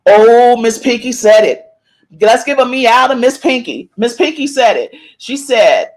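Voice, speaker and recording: A woman hosting a casual live-stream gossip podcast, reading viewers' chat comments aloud and calling out meow to them. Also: on the high side. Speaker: podcast host.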